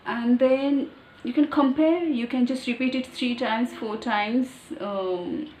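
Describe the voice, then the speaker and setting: A woman's voice: fairly high pitch, slow pace, darkish tone. A woman from Maharashtra whose first language is Marathi, speaking English with an Indian accent in a chatty, rambling vlog with many restarts and fillers. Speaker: medical teacher and vlogger. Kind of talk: casual talk to camera. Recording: echoey room with faint ambient noise.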